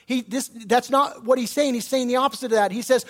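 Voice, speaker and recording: Pastor, male, high-pitched, passionate preacher who voices the quotes himself, then turns quiet and tender. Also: fairly quick, hardly any pauses. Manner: impassioned, acts out prayers and Bible figures in quotes; drops to soft, quiet tones when closing. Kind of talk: sermon.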